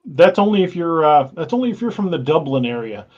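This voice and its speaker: A Midwestern man chatting on a podcast in an easygoing way, quick with comebacks. His voice sits a bit high, and his audio sounds dull and muffled. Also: sing-song, darkish tone. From American Midwest. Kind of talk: casual podcast chat.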